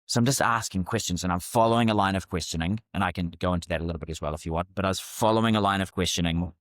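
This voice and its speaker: Low-voiced New man telling stories. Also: racing, no echo, clean studio sound. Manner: animated, restarts phrases mid-thought. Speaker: podcast guest, communication coach. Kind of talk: casual interview storytelling.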